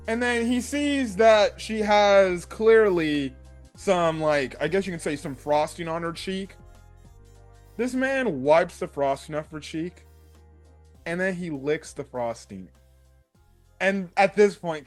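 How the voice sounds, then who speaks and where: A young man giving a casual, excitable anime review, laughing and using slang as he retells scenes. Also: sits high.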